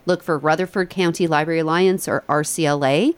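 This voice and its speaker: A woman's voice: low voice, fairly even intonation, fairly quick. A woman guest on a radio show, upbeat and promotional, listing the details of a fundraiser. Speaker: guest from a library group. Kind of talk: announcing an event on radio.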